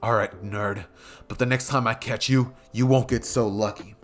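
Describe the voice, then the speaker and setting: A man voicing a hot-tempered teenage bully who talks in gruff threats. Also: mid-range voice, fairly even intonation, normal speed, soft background music, voice pushed down, lightly acted. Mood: threatening.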